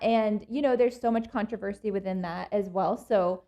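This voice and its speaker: A young woman and labor and delivery nurse, telling her birth story in casual chat, animated and laughing often. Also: mid-range voice, moderate pace, muffled recording.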